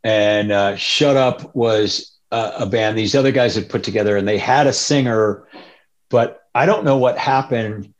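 A man's voice: fairly low pitch, a little slow, muffled recording. Rambling casual male storyteller. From Northern California. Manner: rambling, loose, animated quoting of others. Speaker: interview guest, punk musician.

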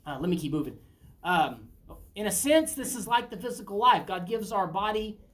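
A woman's voice: mid-range voice, animated, normal speed. A middle-aged woman teaching a Bible study in an earnest, conversational preaching style, often asking her listeners questions.

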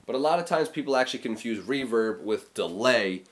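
A man's voice: medium pitch, lively intonation, a little fast. Rambling man casually explaining audio terms. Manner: rambling, filler-heavy, demonstrates sounds with his voice. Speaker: music tutorial host. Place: small room.

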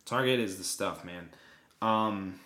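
A young man, a German native speaker, co-hosting a podcast and telling stories in a casual, animated way. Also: slow, reverberant. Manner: animated storyteller who acts out quotes with big pitch jumps. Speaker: podcast co-host. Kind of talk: casual storytelling chat.

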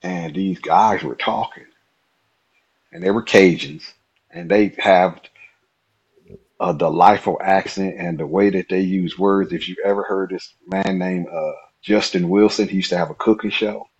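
A man from Nebraska, a podcast guest, telling a story in an animated way, laughing often and acting out the dialogue. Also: deep voice, a little slow, husky, muffled recording. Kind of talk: casual storytelling.

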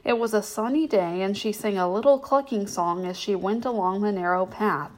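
A woman hosting a bedtime story reading, narrating in a gentle, measured way. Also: medium pitch.

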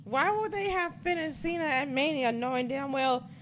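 A woman's voice: sits high, lively intonation, moderate pace, slight background noise. A young woman co-hosting a casual wrestling chat, ranting animatedly and swearing often. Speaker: wrestling podcast co-host.

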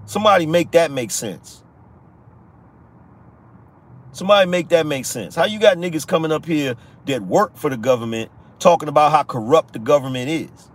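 Man ranting heatedly, fairly high voice. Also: animated, normal speed. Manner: heated, preachy, repeats lines for emphasis, profane. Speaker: political podcast host. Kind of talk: live-stream rant.

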